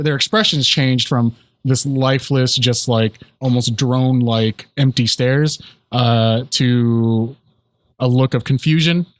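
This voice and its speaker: A man narrating a tabletop role-playing game as its game master. His voice sits at a middle pitch, and he talks in halting bursts padded with fillers. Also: dry recording. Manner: hesitant, full of fillers.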